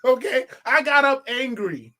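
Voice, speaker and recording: A woman co-hosting a casual film review chat, talking in an animated, profane way and repeating phrases for emphasis. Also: sits high, unhurried.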